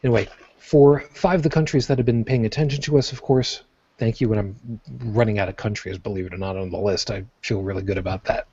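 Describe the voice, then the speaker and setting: Man, New York accent, podcast host, rambling and jokey, mellow dark voice, muffled lo-fi audio. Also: lowish voice, fairly quick, husky. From Brooklyn, New York. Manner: rambling, jokey, with frequent fillers and restarts. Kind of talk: casual chat.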